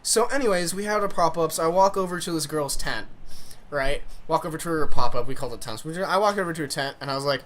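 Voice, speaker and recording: A man's voice: on the high side, fast, a bit bright. Rambling young man telling a story. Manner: rambling, swearing, laughing storyteller. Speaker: vlogger. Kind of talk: casual storytelling vlog.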